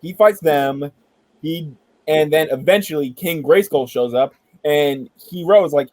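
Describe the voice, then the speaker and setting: A man hosting a casual entertainment chat, retelling a backstory in an animated, joking way and swearing casually. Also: a little high, a little slow, no echo, poor audio. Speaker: podcast host.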